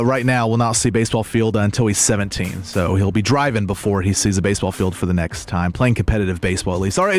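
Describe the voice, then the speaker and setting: Male morning show host, casual, laughs easily, mid-range voice. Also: medium pitch. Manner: conversational, laughs often, reads stories. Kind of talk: casual radio banter.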